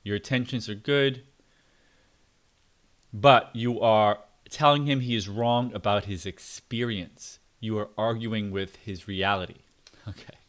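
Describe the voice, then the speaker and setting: A middle-aged man talks through a book review in a casual, unscripted way. His voice sits a little low, and his delivery is blunt and opinionated, with plenty of fillers and side remarks. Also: steady tone, a little slow, fairly bright tone. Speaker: book reviewer and parenting channel host.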